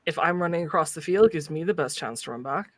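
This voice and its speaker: Guy with a high voice at a tabletop game, dry close sound, skeptical. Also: expressive, quick pace, a bit bright, no room sound. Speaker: player. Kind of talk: tabletop role-play chat.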